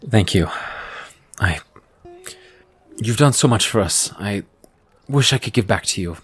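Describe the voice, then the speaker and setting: A man voicing an earnest middle-aged father who speaks haltingly and apologetically. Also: fairly low pitch, animated, husky, no echo, faint music behind, full character voice.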